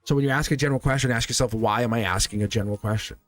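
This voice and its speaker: A man's voice: medium pitch, rapid-fire, no room sound, faint music behind. A man hosting a live-stream tarot reading in a loose, rambling, encouraging way, often checking in with his viewers. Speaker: tarot reader and channel host.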